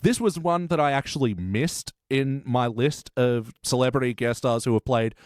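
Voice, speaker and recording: A man's voice: medium pitch, moderate pace, no room sound, clean studio sound. Chatty laughing male podcast host. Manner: chatty, laughs often, acts out quoted lines. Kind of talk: casual podcast chat.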